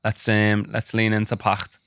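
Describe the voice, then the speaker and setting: A man hosting a podcast, low-key and encouraging, calling his guest "mate". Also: completely flat delivery, moderate pace, a bit bright, smooth, no room sound, clean studio sound. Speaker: podcast host, coach. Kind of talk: relaxed interview chat.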